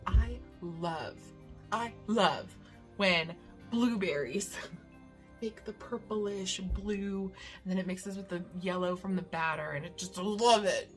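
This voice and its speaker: A woman's voice: medium pitch, takes it slowly, soft background music. Chatty woman demonstrating a recipe. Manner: chatty, rambling, lots of "uh" and laughs. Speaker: baking vlogger. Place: home kitchen.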